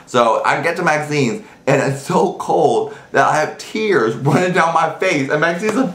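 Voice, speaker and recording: A man's voice: mid-range voice, measured pace, hardly any pauses. A man hosting a casual video chat, telling a story and acting out the voices of the people in it. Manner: animated, acts out quoted voices. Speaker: vlog host. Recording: echoey room, faint noise.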